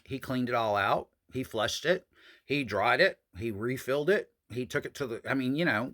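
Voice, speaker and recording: A man telling a story from his own past in a casual, profane monologue, calling his viewers honey and y'all. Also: bright, forceful tone. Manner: jumps high in pitch for emphasis.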